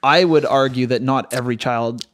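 A man's voice: mid-range voice, moderate pace, no room sound. A young man, soon to be a father, speaking thoughtfully in casual chat and often restarting his sentences.

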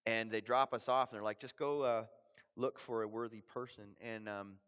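A man from Canada preaching, telling mission stories with acted-out dialogue and sudden drops to a hushed voice. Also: fairly low pitch, normal speed, clear, resonant tone, dull audio. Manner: animated storyteller, acts out dialogue, dramatic drops to quiet. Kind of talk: sermon storytelling.

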